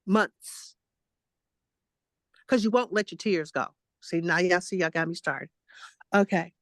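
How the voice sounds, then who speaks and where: This woman in her late sixties speaks as a guest spiritual teacher, sharing a casual testimony in a blunt, emphatic way as she repeats points and fusses at those listening. She has a fairly low pitch and a fairly bright tone, speaks a little slowly, and the recording is dry.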